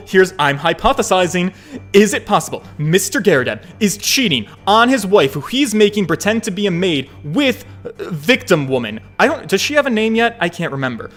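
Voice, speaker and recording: A man's voice: sits high, a bit bright. A man giving casual, joking let's-play commentary, swearing freely as he talks through a game. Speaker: streamer.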